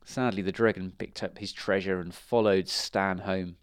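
A man reading a children's storybook aloud, expressive with dramatic pauses. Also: on the low side, smooth, no echo, studio quality.

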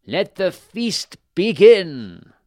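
A man reading a storybook, voicing a jolly, grand fairy king who speaks in a booming, stately way. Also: big pitch swings, moderate pace, no room sound, clean studio sound.

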